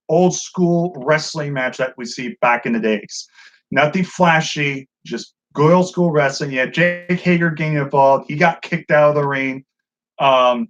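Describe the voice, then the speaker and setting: A man co-hosting a wrestling review show in casual, profane commentary, excitable and acting out what the wrestlers said. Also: a little high. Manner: excitable, swears a lot, acts out quotes. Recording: dull lo-fi sound.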